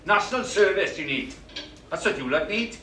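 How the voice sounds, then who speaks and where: Male actor as a gruff, swearing old grump, high and sharp, caught live from far off in an echoey theatre. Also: animated, normal speed, slight background noise. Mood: scornful. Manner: gruff, complaining, swearing, bossy. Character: cantankerous older British man in hospital waiting room. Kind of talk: live stage monologue. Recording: roomy live stage sound, distant mic.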